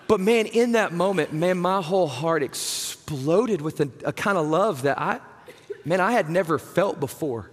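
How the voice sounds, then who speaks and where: A man's voice: high-pitched, lively intonation, moderate pace. A man, preaching a conversational, earnest sermon. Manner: conversational, earnest, says "right?" and "man" often. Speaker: pastor. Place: church sanctuary. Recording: long hall reverb.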